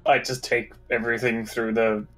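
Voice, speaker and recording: A man playing in a tabletop game, relaxed and joking. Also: mid-range voice, moderate pace, soft background music. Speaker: player. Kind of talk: casual tabletop play.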